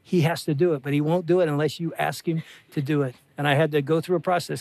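Older male pastor, conversational sermon, earnest, slightly higher voice, dry close sound. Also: steady tone, fast, vocal fry, few pauses, no room sound. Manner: earnest, conversational preaching that swings between hushed and rising emphasis.

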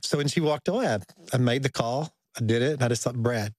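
A man of middle pitch talks earnestly as a guest author on a Christian talk show. He is reflective and slows down to lean on key phrases. His voice sounds dry and close. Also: no echo.

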